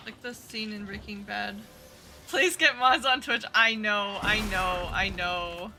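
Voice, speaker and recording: A woman's voice: medium pitch, unhurried, heavy background noise. A young woman streaming a game, chatting casually with her viewers in a rambling, giggly way. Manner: giggly, rambling, talks to chat. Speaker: VTuber streamer. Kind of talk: casual live-stream chat. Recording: gaming stream with game music.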